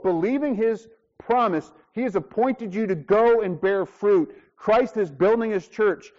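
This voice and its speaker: Male pastor, high voice, emphatic sermon delivery, rhetorical questions, muffled lo-fi recording. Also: darkish tone. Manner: emphatic preaching with acted dialogue and rhetorical questions.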